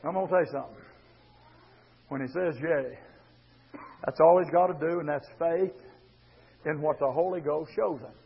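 A man's voice: fairly high pitch, normal speed, gravelly, long pauses, slightly rough. A man preaching a fervent, rhythmic sermon and calling out to his congregation. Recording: dull lo-fi sermon recording.

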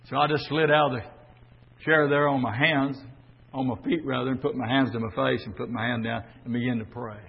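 An older man preaching a sermon on the air, swinging from fervent shouting to quiet, folksy storytelling. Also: medium pitch, steady tone, normal speed, gravelly, slightly rough. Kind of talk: Pentecostal-style sermon on the air. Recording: dull lo-fi audio with long church reverb.

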